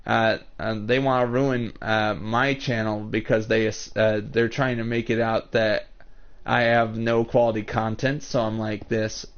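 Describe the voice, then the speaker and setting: A male livestreamer chatting slowly and haltingly, rambling and a little defensive as he talks. The sound is dull and lo-fi, from a cheap mic. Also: lowish voice, flat delivery. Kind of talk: casual livestream chat.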